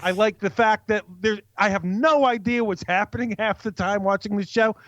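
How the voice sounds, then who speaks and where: A man's voice: high-pitched, normal speed, a bit bright, no echo, dull audio. A man co-hosting a podcast, teasing his friends playfully and enthusiastically. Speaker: podcast co-host. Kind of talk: casual podcast banter.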